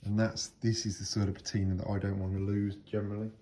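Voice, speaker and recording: Man, low voice, flat delivery, casual workshop chat, scraping noise behind. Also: quick pace. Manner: relaxed, explains while working with hand tools. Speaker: woodworker restoring hand planes. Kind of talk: casual workshop talk to camera.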